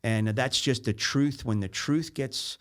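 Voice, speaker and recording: A man's voice: medium pitch, unhurried. A man hosting a podcast, talking with fervent emphasis about faith, full of fillers and restarts. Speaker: podcast host. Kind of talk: casual podcast conversation.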